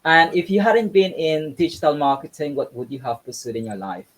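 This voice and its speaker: A man's voice: fairly high pitch, fairly quick, poor audio. A man hosting an interview, asking questions hesitantly with many ums. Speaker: interview host.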